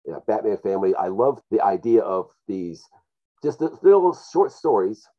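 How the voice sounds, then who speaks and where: A man's voice: on the low side, big pitch swings, dull audio. A man with a nasal voice from a cold, a podcast guest chatting with enthusiasm and frequent restarts. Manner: enthusiastic, quick, restarts often. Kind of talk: casual chat.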